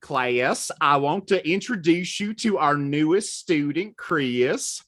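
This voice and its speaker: A woman's voice: low voice, animated, takes it slowly, a bit bright, no room sound, studio quality, full character voice. A man voicing a sugary Southern schoolteacher woman who coos and sing-songs while introducing a new pupil. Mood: cooing.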